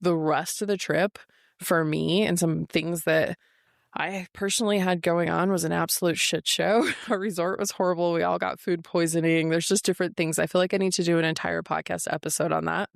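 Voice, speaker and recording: A woman's voice: lowish voice, fairly even intonation, fairly quick, creaky, dry recording, clean studio sound. A woman in her forties hosting her own podcast, talking frankly and confessionally, swearing freely. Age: 40s. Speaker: podcast host. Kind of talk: candid solo podcast monologue. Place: office.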